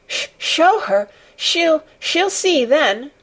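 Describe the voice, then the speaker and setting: A woman's voice: sits high, big pitch swings, drawn-out words, fairly bright tone, voice pushed up, exaggerated voice. A woman voicing a sickly, hysterical young boy who gasps and sobs. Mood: sobbing. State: sobbing.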